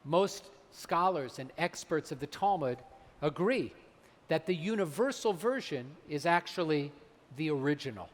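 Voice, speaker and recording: A man, a rabbi, delivering a holiday sermon, slowing down and weighing his words when he quotes sacred texts. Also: fairly high pitch, animated. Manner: measured, slows for emphasis on quoted texts. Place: large synagogue sanctuary. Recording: long hall reverb.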